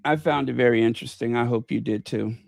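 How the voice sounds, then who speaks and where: Brief: male host, gravelly edge, dry close mic, loose talk-it-through commentary. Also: mid-range voice, fast, no room sound. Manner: thinking aloud, stops to find and set up clips. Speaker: channel host. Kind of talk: casual commentary.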